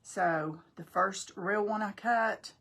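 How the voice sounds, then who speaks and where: A woman's voice: medium pitch, takes it slowly, fairly bright tone, husky. An older woman, chatting folksily with viewers on a crafting live stream as host. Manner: chatty, folksy, talks to viewers while working.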